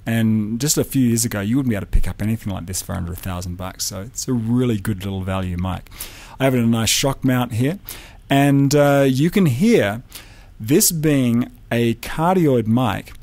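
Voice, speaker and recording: A man teaching audio recording in a relaxed, explanatory way, speaking into a studio condenser mic in a home studio. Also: mid-range voice, moderate pace. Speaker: audio engineering instructor. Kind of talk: hands-on microphone demonstration. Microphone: large studio condenser mic up close.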